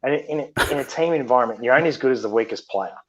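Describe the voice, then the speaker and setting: A man co-hosting a casual podcast, blunt and sweary, telling stories with animated delivery. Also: medium pitch, very fast, rough recording. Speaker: podcast co-host.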